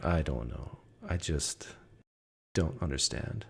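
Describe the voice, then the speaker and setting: A man's voice: a bass voice, slow pace, vocal fry, husky. A man hosting a podcast, talking casually and making sarcastic, wisecracking remarks. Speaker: podcast host. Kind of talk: casual mocking commentary.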